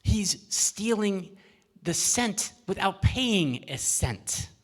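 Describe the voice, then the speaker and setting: A man playing an angry, greedy baker who shouts and stammers accusations in a children's story. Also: sits high, big pitch swings, very slow, voice pushed up, exaggerated voice. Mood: accusing. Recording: echoey church hall.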